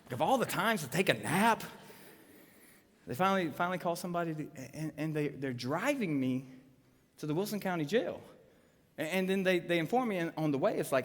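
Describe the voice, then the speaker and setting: A man's voice: fairly high pitch, a little fast. A man, a pastor telling a personal story in a live sermon, acting out the voices in his tale. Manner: animated storytelling with voiced quotes. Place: church auditorium. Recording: live sermon in a large hall.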